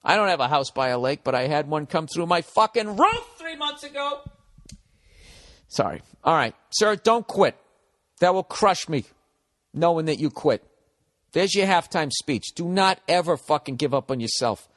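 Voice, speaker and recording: A man's voice: fairly high pitch, very animated, normal speed, fairly bright tone, in a large hall. A man in his forties with a Boston accent, a comedian hosting a podcast who gives advice in a rambling, profane, blunt way that turns encouraging. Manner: profane, blunt, mock-harsh then encouraging. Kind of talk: rambling comic advice monologue.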